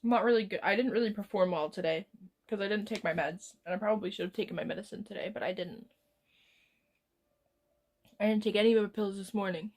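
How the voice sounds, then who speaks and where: A woman's voice: mid-range voice, fast, long pauses. Woman streamer, casual rambling chat, drifting from topic to topic, talking back to her chat. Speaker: live streamer.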